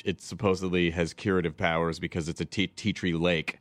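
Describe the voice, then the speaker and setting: A man's voice: deep voice, little pitch movement, fairly quick, dry recording. A man hosting a podcast, chatting casually in a rambling, jokey way with casual swearing. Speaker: podcast host. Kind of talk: casual chat.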